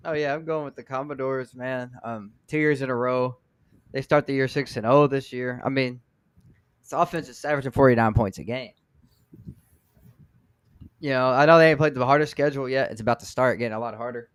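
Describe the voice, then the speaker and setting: Chill guy talking football picks, smooth clear voice, dry mic. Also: mid-range voice, steady tone, brisk, no room sound. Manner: laid-back, plain-spoken, says "man". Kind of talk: casual sports talk.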